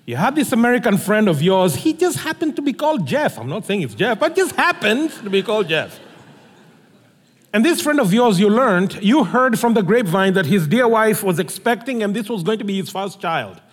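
A man's voice: high-pitched, normal speed, big-room sound. A man preaching a sermon, telling stories with acted-out dialogue. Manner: animated storytelling, acts out dialogue.

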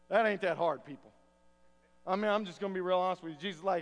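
A man's voice: sits high, fast. A man preaching a sermon to his church, with a folksy, conversational style that moves between reading scripture and telling stories. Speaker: pastor. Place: church sanctuary. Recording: long church reverb.

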